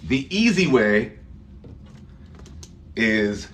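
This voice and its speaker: Slow, lively male English teacher. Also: fairly low pitch. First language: Spanish. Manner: slow, repeats words for learners. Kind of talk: live online pronunciation lesson.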